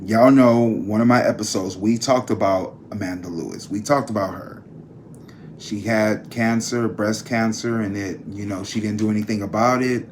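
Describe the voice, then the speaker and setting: A man's voice: on the low side, slight background noise. Chatty man talking to camera. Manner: chatty, emphatic, addresses viewers as a group. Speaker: tarot reader and vlog host. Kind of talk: casual chat to camera.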